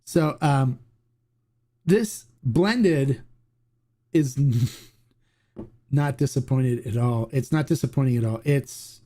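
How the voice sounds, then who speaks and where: A man hosting a casual tequila review livestream, excitable and chatty, laughing often and restarting his sentences. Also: medium pitch, slow pace, pauses often.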